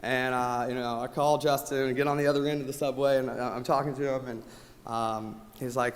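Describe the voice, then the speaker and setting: A man giving a motivational award speech at a company rally, his delivery swinging from loud rallying calls to quiet thanks. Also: medium pitch, fairly even intonation, a little fast. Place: large event hall. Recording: long hall reverb.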